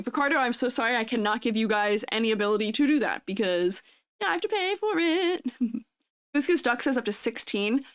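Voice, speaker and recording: A young adult woman VTuber streamer with a high, youthful-sounding voice, chatting with viewers in a bubbly, giggly way. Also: fairly bright tone, no room sound, studio quality. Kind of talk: casual live-stream chat.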